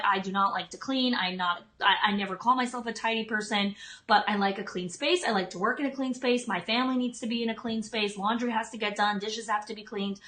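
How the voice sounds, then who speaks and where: A woman's voice: mid-range voice, bright, forceful tone. A woman in her thirties hosting a live stream, giving leadership tips in a chatty way, full of "like" and "um". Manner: chatty, frequent "like" and "um" fillers. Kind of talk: casual live-stream talk.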